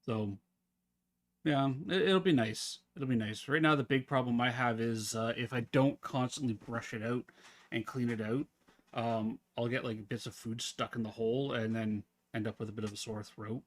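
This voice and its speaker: Man, live streamer, casual chat, relaxed, rambling, mid pitch. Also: normal speed.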